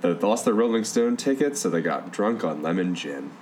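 A man hosting a casual podcast, bantering quickly and laughing often. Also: low voice, big pitch swings, a little mellow, a little hiss or hum. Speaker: podcast host.

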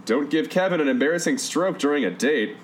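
A man hosting a casual podcast, bantering quickly and laughing often. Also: on the high side, lively intonation, slight background noise. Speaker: podcast host.

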